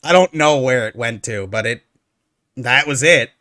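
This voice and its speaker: A man hosting casual reaction commentary, ranting in an animated, sarcastic, opinionated way. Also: medium pitch, moderate pace, no room sound, studio quality. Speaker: streamer reacting to online posts.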